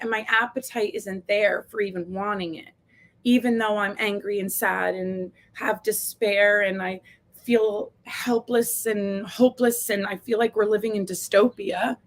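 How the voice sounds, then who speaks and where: A woman's voice: on the high side, a bit bright. Tearful, candid woman coach. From United States. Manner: candid, emotional, swears freely. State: tearful, close to crying. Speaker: coach hosting a live video series. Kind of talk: casual live-stream talk to viewers.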